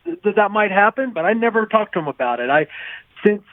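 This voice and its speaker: A man's voice: high voice, expressive, fast. A male sports columnist, a guest on a phone-in interview, talking in a friendly, rambling way with many restarts. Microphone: phone line. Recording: tinny phone line, dry.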